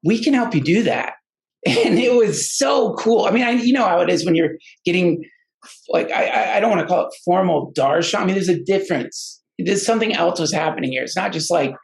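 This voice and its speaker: A man's voice: sits high, gravelly, low-quality recording. A man telling a personal story in a casual, rambling way, often stopping and restarting his sentences. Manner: halting and rambling, many restarts. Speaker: guest storyteller.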